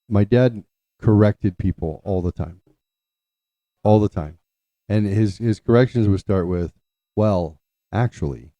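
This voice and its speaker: A very low, dark-toned man tells a family story in a loose, meandering way, restarting sentences and clearing his throat now and then. The sound is dry and a little dull, as if recorded on modest gear. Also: no room sound. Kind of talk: casual storytelling.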